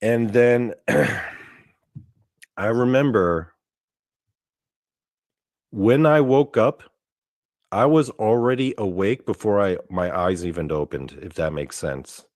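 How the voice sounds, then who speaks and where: A young man with a lowish voice tells a long story in loose, casual talk, stacking fillers and the odd curse as he goes. The sound is dry and close, with no room around it. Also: slow pace, long pauses, a little mellow, no room sound. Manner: rambling, full of "like" fillers and cursing. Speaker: podcast host.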